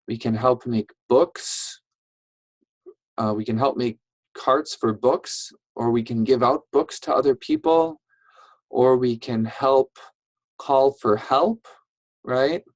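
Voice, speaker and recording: A patient teacher guiding young children through a reading lesson at an unhurried pace, often checking in and praising them. The voice sits in a middle pitch and sounds dry and close, with no room echo. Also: darkish tone. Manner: patient, encouraging, checks in with "right?" and "okay?". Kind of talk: online reading lesson for first graders.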